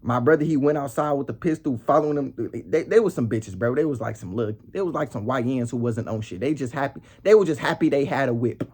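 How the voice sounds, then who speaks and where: A man's voice: medium pitch, quick pace, few pauses, darkish tone, breathy edge. A young man vlogging a heated, casual story in street slang, ending lines with "bro" and "nigga".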